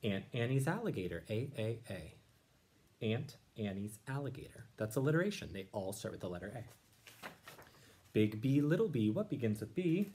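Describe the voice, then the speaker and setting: A man teaching young listeners, reading a rhyming picture book aloud and explaining it in a gentle, encouraging way. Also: medium pitch, very animated, moderate pace. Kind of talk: read-aloud lesson.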